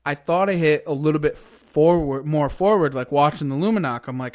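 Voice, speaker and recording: A man telling a long hunting story in casual podcast chat, excited and cursing freely. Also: on the high side, moderate pace, hardly any pauses. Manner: excited, swears a lot, rambling hunting story. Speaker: podcast guest.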